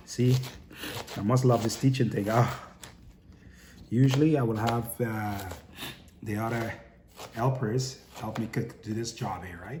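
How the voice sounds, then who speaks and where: A lowish-voiced man walks viewers through a home kitchen task in a loose, chatty way. He keeps checking in with his audience as he goes. A faint hiss sits under the recording. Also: normal speed, long pauses. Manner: chatty, instructive, tags lines with "okay?" and "right?". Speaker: home cooking instructor. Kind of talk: casual cooking demonstration.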